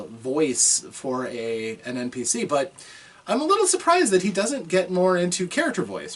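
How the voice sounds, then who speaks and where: A man hosting a reaction video, giving thoughtful, measured commentary with pauses and restarts. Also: on the high side, fairly bright tone, recorded from a distance.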